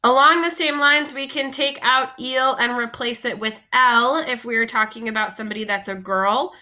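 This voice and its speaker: Woman teacher, bright, slightly high voice, patient explainer who recaps often. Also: steady tone, normal speed. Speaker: French teacher. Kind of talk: classroom vocabulary lesson.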